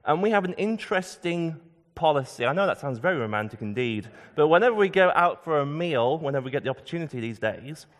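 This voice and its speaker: Male preacher, thirties, higher voice with animated pitch, reverberant church hall. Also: quick pace. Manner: emphatic, dropping low and soft on key words. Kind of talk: sermon. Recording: long reverb of a large hall.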